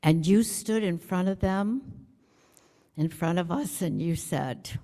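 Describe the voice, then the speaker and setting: A woman's voice: fairly low pitch, slow pace, dark tone. A woman giving a chatty, self-deprecating storytelling sermon to a congregation, acting out the quotes she tells. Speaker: speaker at a congregation. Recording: long hall reverb.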